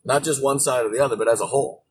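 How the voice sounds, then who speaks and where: A man's voice: medium pitch, fairly even intonation, rapid-fire, distant mic, slight background noise, low-quality recording. A man hosting a political show, ranting in a profane, mocking way about politicians. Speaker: political podcast host. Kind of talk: opinionated political commentary.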